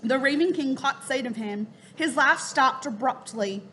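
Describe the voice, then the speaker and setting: A woman reading a children's story aloud in a clear, steady way, dropping her voice for the speech tags. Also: high voice, unhurried, a little hiss or hum. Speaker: narrator.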